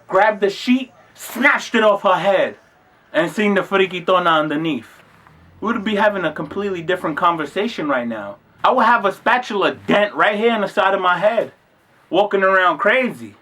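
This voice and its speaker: A man with a high speaking voice tells a comedic story to his vlog audience. He is loose and slangy and swears often. When he acts out scenes, he jumps into shouting. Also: lively intonation, moderate pace. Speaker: vlogger.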